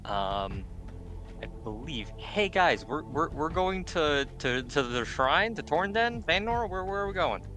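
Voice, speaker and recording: A man's voice: fairly high pitch, big pitch swings, a little slow, music in the background. A man playing a tabletop game, polite and a little hesitant. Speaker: player.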